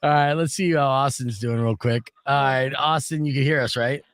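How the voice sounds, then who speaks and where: A man hosting a radio morning show in a studio, chatting casually, swearing, and jumping up in pitch when he gets worked up. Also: normal speed, fairly bright tone, no room sound. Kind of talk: casual on-air banter.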